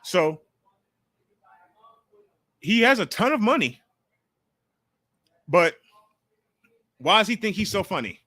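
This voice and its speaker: A man hosting a casual call-in sports talk livestream, talking in an animated, profane way on a close mic. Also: high-pitched, slow, long pauses, no room sound. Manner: animated, profane, jumps into mocking quotes. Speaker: call-in show host.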